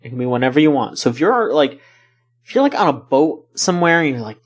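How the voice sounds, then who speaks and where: A man co-hosting a gaming podcast, chatting casually in a relaxed, rambling way with frequent laughs. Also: fairly high pitch, fast talker. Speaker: podcast co-host. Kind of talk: casual chat.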